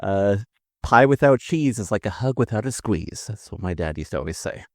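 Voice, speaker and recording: A man co-hosts a podcast full of casual, jokey chat, laughing often. His voice is on the low side and darkish, with lively intonation at a normal speed, in clean studio sound with no room noise.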